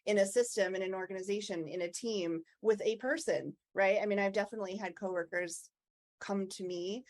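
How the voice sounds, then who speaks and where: A woman's voice: medium pitch, fairly even intonation, brisk. A woman co-hosting a podcast, speaking in an open, reflective and chatty way in casual conversation. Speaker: podcast co-host, agile coach. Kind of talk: casual chat.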